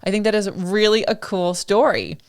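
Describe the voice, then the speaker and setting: A woman's voice: medium pitch, animated, moderate pace, clear, resonant tone. Enthusiastic woman hosting a podcast. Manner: enthusiastic, laughs readily, jumps in. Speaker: podcast host. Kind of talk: casual interview chat.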